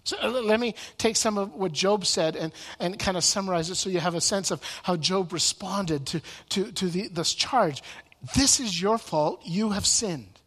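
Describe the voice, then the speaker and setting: In sermon style, a man teaches from the Bible, often repeating words and restarting sentences. His voice is high and fairly bright, at normal speed with hardly any pauses, and a large room gives it a long reverb.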